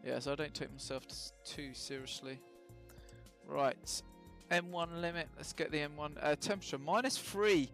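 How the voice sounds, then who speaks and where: Man, live-stream flight sim commentary, fairly high voice, rambling with fillers, joking. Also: normal speed, gravelly, a bit bright, faint music behind. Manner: chatty, self-mocking jokes, many ums and uhs.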